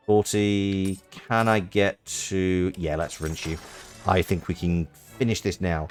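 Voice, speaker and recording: A man's voice: sits low, flat delivery, slow, faint music behind. A British man streaming a game, chatting casually and rambling with restarts. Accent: British English.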